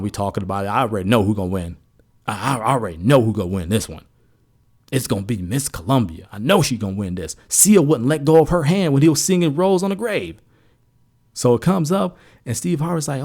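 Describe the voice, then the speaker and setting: A man from the United States, co-host of a sports podcast, retelling an event in casual chat, his voice rising high and animated as he gets into the story.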